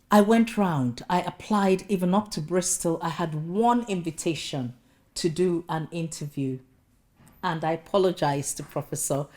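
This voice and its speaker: Lively Nigerian woman telling her story. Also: on the low side. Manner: animated storytelling with humorous asides. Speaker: guest speaker, professor. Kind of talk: personal-story lecture.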